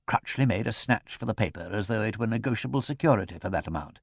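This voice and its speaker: A man reading an audiobook in a measured, expressive narration. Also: fairly low pitch, creaky, dry recording, clean studio sound. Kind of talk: scripted narration.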